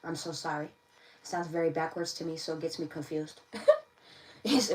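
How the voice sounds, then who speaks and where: A woman's voice: low-pitched, steady tone, unhurried, long pauses. A woman giving a casual livestream tarot reading, chatty, often repeating her phrases and laughing. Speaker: tarot reader. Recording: voice a bit distant from the mic.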